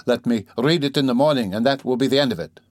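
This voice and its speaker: A man's voice: mid-range voice, fast, dry recording, studio quality, voice pushed up, close to an everyday voice. A man reading a feverish irritable young man. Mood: irritable, strained. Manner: curt, strained.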